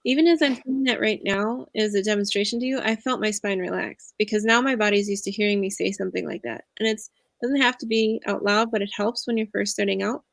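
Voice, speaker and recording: A woman's voice: mid-range voice, steady tone, fairly quick, gravelly, dry recording. A woman in her thirties, an empowerment coach talking as a guest in a casual interview over a video call, earnest and reflective, sharing her experience in a confiding way.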